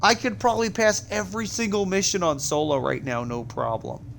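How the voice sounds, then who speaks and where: List. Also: male voice, high-pitched, fairly quick, creaky, slight background noise. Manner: incredulous, excitable, loud exclamations. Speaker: game streamer. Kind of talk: live stream commentary.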